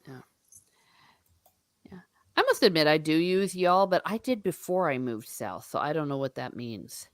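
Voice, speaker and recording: Lively low-voiced Irish woman host. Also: moderate pace, long pauses, no room sound, studio quality. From Ireland. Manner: lively, laughs often, chatty. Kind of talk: casual book discussion.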